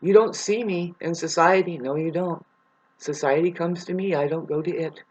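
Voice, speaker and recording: A woman's voice: on the low side, moderate pace, darkish tone, breathy edge, lo-fi sound. A woman who calls herself an astrologer and spiritual healer, rambling and swearing in a meandering monologue. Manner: meandering, swearing, talks to herself and imagined voices.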